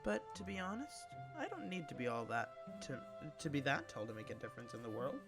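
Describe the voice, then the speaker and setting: A man's voice: medium pitch, huge pitch swings, brisk, vocal fry, music in the background. A man voicing a nervous but chatty young woman survivor in a game, reading her lines in a raised, chirpy voice.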